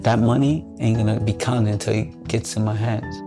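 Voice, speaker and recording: A man's voice: lowish voice, fairly even intonation, normal speed, gravelly. A man recounting his past in a podcast interview, profanely acting out old phone calls. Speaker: interviewee telling his story. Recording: podcast clip with music underneath.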